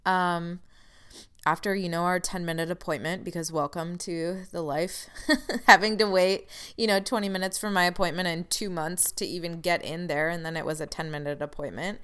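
Woman, lowish voice, smooth and clear, candid personal storytelling, frustrated, wry asides. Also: fairly even intonation, moderate pace, fairly bright tone.

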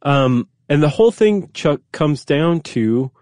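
A man's voice: on the high side, animated, takes it slowly, a little mellow, no echo, studio quality. A man co-hosting a podcast, explaining things in a curious, casual way with many fillers. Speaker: podcast co-host. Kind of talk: casual conversational chat.

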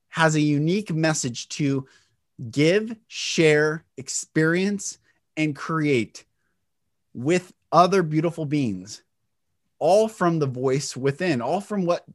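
A middle-aged man hosting an inspirational spiritual talk, earnest and emphatic, swinging his pitch and loudness for effect. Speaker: podcast host and speaker.

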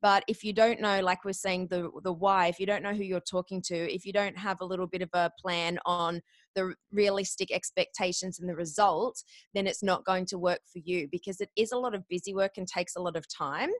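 A woman's voice: on the low side, no room sound. An Australian woman in her forties talks with bubbly, upbeat energy. She explains her work like the seasoned radio announcer she was. The recording is dry and close, with no room sound. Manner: energetic, quick and enthusiastic. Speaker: podcast guest booker. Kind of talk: interview answers.

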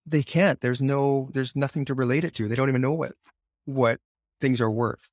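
A man speaking as a guest author on a podcast, earnest and conversational, often repeating himself for emphasis. His voice sits at an ordinary middle pitch. The sound is dry and close-miked. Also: fairly even intonation, moderate pace, dry recording.

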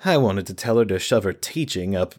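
A man voicing a defeated, grieving village mother who talks in a flat, bitter monotone. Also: deep voice, brisk. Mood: weary, bitter.

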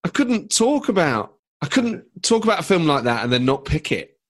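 A man's voice: a little high, big pitch swings, normal speed. A man, a stand-up comedian guest on a podcast, chatting casually and laughing often as he tells enthusiastic stories.

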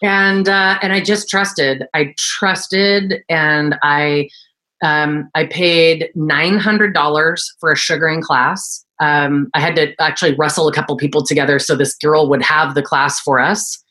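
Low-voiced woman telling her story. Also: measured pace. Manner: animated, acts out quoted voices in a high pitch. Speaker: guest, esthetician and entrepreneur. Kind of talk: casual interview storytelling.

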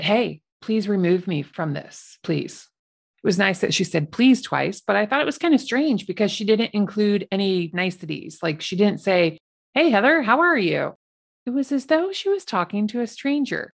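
A woman hosting a solo podcast, telling stories in a chatty, animated way with laughs. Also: medium pitch, gravelly. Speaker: podcast host.

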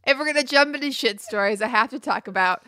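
A woman's voice: fairly high pitch, fast, bright, forceful tone, no room sound, clean studio sound. A woman co-hosting a podcast, chatting casually and telling funny stories with frequent giggles. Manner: giggly, storytelling with frequent laughs. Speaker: podcast co-host. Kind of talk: casual chat.

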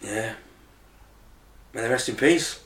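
A man's voice: mid-range voice, slow pace, echoey room. A man co-hosting a podcast in casual chat, easygoing and trusting. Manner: easygoing, trusting, says "innit". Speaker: podcast co-host.

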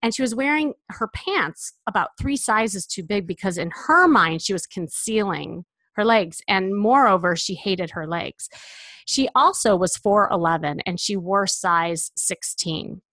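A middle-aged woman, a personal stylist, telling a story about a client in a lively way, acting out the dialogue. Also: mid-range voice, measured pace, no room sound. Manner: lively, acts out dialogue in quotes.

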